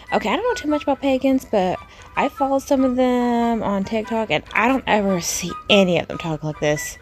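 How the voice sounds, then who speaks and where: A woman's voice: mid-range voice, lively intonation, a little fast, over music. A woman reacting to comments in casual commentary, blunt, indignant and profane. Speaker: video creator reacting to comments.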